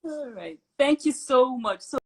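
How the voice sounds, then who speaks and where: A woman's voice: high-pitched, animated, a little slow. A woman hosting an interview over a video call, who mostly gives brief polite responses and asks questions. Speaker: host.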